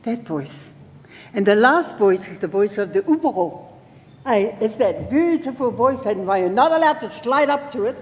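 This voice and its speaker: A woman's voice: a little high, animated, normal speed. A woman with a New Zealand accent, speaking at a conference in a playful, engaging way and calling out to the audience. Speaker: conference speaker teaching traditional singing. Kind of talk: spoken talk with sung demonstrations. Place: conference hall. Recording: long hall reverb, faint ambience.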